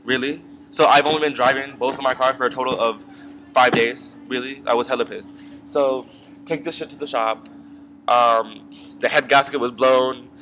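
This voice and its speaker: A man's voice: medium pitch, steady tone, moderate pace, background noise. A young man with a mid-range voice tells a story in a loose, rambling vlog rant. He swears constantly, trails off into ums and asides, and keeps circling back to his complaint. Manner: rambling, profane, full of fillers and asides. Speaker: vlogger.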